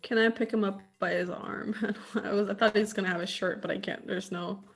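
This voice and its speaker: Woman player, mid pitch, unsure about rules, casual game chat. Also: steady tone, fairly quick, creaky. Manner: hesitant, asks rules questions. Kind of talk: casual tabletop game play.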